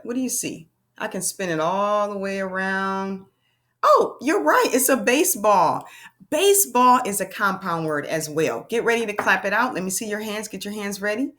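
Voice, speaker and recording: A woman's voice: mid-range voice, a bit bright. A woman teaching a children's online phonics lesson, cheerful and encouraging, talking straight to young kids.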